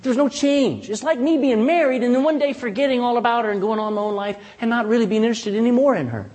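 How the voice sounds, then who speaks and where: A man preaching a sermon in a folksy, animated way, often asking the congregation "amen?". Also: extremely high pitch, fast talker, long reverb tail. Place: church.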